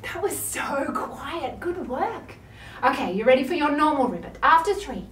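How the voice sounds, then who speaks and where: A woman's voice: sits high, very animated, unhurried, a bit bright, a little hiss or hum. A woman with an Australian accent leading an online yoga class for toddlers, talking in a playful sing-song way with big gasps of surprise. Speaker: kids' yoga teacher. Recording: roomy, distant mic with faint ambience.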